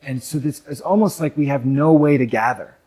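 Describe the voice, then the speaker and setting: A man's voice: mid-range voice, fairly quick, warm tone. A young adult man from North America gives a reflective, conversational talk on men's work to a live audience, with many fillers and asides.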